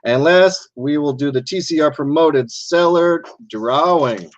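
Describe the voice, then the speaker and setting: A man's voice: fairly high pitch, a little slow, muffled recording. A man hosting a casual live video stream, upbeat and chatty, greeting viewers and introducing a guest over a computer mic. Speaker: host. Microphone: computer mic on a video call.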